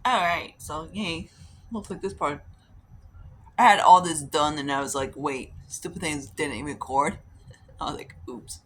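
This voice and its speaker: Chatty woman doing her makeup on camera, bright voice, rambles and swears a bit, faint hiss behind. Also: low-pitched, unhurried. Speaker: beauty vlogger. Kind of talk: casual chatty storytelling while doing makeup.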